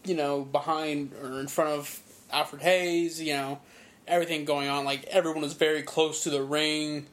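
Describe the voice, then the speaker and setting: A young man with a fairly high voice joins a relaxed chat as co-host. He talks haltingly, breaks off and restarts his sentences, and agrees readily with his partner. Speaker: podcast co-host. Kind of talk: casual chat.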